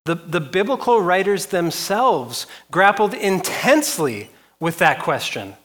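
A man's voice: sits high, big pitch swings, a little slow, few pauses, fairly bright tone. A man preaching a sermon as pastor, driving his points home through long rhetorical lists and repeated questions.

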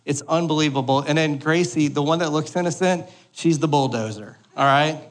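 A man's voice: fairly high pitch, a little fast, poor audio. Joking man preaching a sermon. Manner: joking, conversational, keeps asking "all right?". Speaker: pastor. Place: church hall with a congregation.

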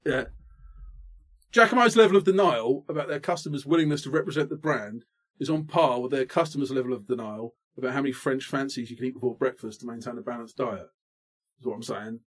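A man in his thirties, co-hosting a comedy podcast with an animated, self-mocking ranting delivery. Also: medium pitch, a little fast. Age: 30s. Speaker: podcast co-host. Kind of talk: comic rant in casual chat.

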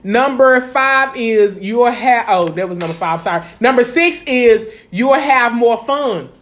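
Slightly high and expressive, this woman speaks a little slowly as a podcast co-host in casual chat. She swears freely and keeps saying "you know what I'm saying," and the room is echoey.

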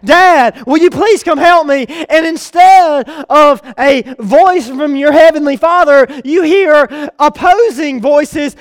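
High-voiced young preacher. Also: male voice, dry recording. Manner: storytelling, swings from loud calls to soft confiding. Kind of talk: sermon.

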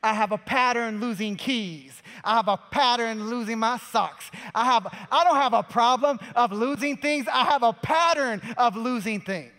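A man preaching a sermon as pastor, emphatic, swinging from loud passages to quiet ones. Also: very high-pitched, normal speed, few pauses, in a large hall.

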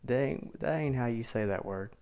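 A man's voice: mid-range voice, moderate pace, a little mellow, clear, resonant tone. A man in his twenties from Mississippi with a Southern accent, chatting bluntly and casually as a podcast co-host. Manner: laid-back, blunt, swears freely.

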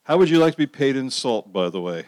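A middle-aged pastor preaching a sermon in a conversational way, asking the audience questions and repeating phrases for emphasis. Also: male voice, mid-range voice, sing-song, fast talker, a little mellow, no echo.

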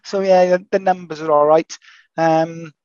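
A man's voice: fairly high pitch, fairly even intonation, unhurried, darkish tone, no room sound, highs cut off. A man who teaches martial arts, chatting on a podcast in an emphatic way and swearing freely. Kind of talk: casual podcast chat.

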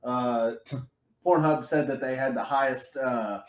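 A man's voice: medium pitch, steady tone, takes it slowly, roomy sound, noisy background. A man co-hosting a podcast in casual chat, offhand and full of fillers. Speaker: podcast co-host.

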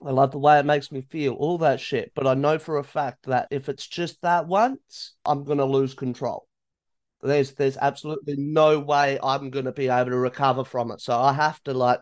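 A man of middle pitch hosts a casual podcast conversation, speaking openly and earnestly and swearing easily. His voice sits dry and close to the mic. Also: fairly even intonation, moderate pace, no room sound. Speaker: podcast host.

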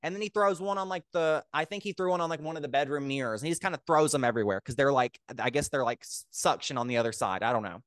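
A man's voice: fairly high pitch, fast talker, few pauses, a bit bright, no echo. Young guy cohosting a podcast, rambling story w lots of "like", close dry mic. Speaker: podcast co-host. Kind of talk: casual chat.

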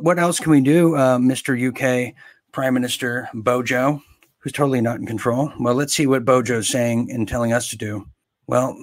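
A man from the United States giving sarcastic, mocking commentary on news items, halting with fillers. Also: medium pitch.

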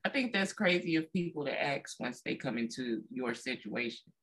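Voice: mid-range voice, lively intonation, moderate pace, a bit bright, low-quality recording. A podcast co-host in casual chat, agreeable and supportive.

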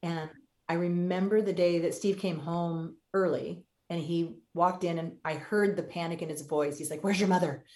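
A woman's voice: lowish voice, fairly even intonation, normal speed, a little mellow. A woman in her fifties, a podcast guest, telling a personal story candidly and acting out what people said. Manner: candid, acts out quoted voices.

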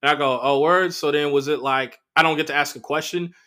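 Brief: male comedian host, solo chat, a touch high, bright and punchy, swears freely. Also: quick pace. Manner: profane, animated storytelling with voiced quotes. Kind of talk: casual solo monologue.

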